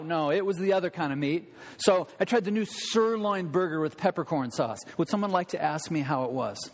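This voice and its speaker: Animated preacher in an echoing hall. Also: male voice, high-pitched. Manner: conversational, animated, dropping to quiet emphasis. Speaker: pastor. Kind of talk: sermon. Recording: long reverb of a church hall.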